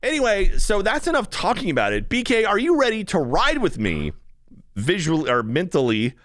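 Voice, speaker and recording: A man's voice: high-pitched, wildly swooping pitch, normal speed, fairly bright tone, no room sound, clean studio sound. A man hosting a podcast, reading a sponsor spot and chatting casually with enthusiasm, rambling as he goes. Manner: enthusiastic, rambling, with playful voices. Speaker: podcast host. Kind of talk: casual podcast chat and ad read.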